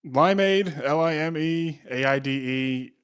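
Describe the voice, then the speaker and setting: A man calling in as a guest, halting and restarting his sentences. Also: a little high, fairly bright tone, smooth. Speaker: guest caller. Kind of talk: casual podcast chat.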